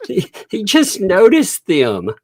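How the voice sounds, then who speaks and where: A man's voice: sits high, a little mellow, breathy edge, no room sound, clean studio sound. A man hosting a casual live-stream commentary from home, reading documents aloud and laughing often. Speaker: host.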